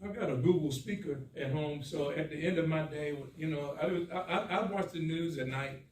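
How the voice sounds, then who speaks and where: A man's voice: fairly high pitch, normal speed, a little mellow. Male audience member, easygoing, heard from far off with faint noise. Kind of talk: casual chat. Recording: echoey hall, far from the mic, faint noise.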